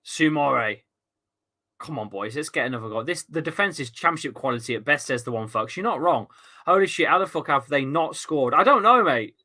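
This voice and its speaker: A man's voice: mid-range voice, sharp tone. A young man streaming a football watchalong, chatting casually, reading out viewer comments and swearing now and then. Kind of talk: live match watchalong commentary.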